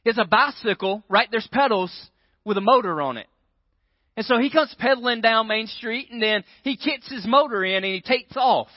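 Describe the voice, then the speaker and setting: A pastor preaches a sermon, animatedly telling a story and constantly asking the crowd "right?" to check in. His voice sits high at a moderate pace, and the dry recording has a dull, lo-fi sound.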